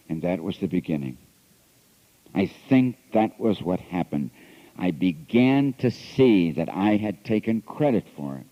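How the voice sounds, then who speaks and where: A priest telling his recovery story at a convention, earnest and confessional, swinging between hushed passages and emphatic ones, recorded on an old lo-fi tape. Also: low voice, animated, measured pace. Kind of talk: recovery talk. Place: convention hall. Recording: dull lo-fi 1980s tape recording.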